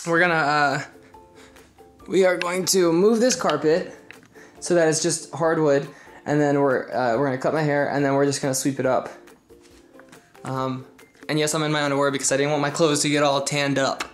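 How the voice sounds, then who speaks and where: A man's voice: a little high, fairly even intonation, moderate pace, long pauses, soft background music. A young man vlogging casually to a handheld phone camera at home, playful and chatty. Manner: playful, chatty, laughs often. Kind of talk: casual vlog talk to camera. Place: indoors at home. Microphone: phone camera held by hand.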